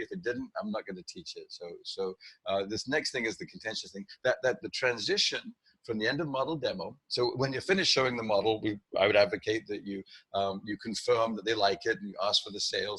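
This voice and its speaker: A middle-aged man talking as a sales trainer in a podcast interview, animated, restarting sentences and acting out client lines. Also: fairly low pitch, breathy edge, no echo.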